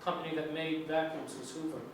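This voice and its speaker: Quick-paced and steady in tone, this fairly high-voiced American English lecturer leads a conversational class discussion, asking his students questions. The lecture room recording is distant and echoey, with faint noise.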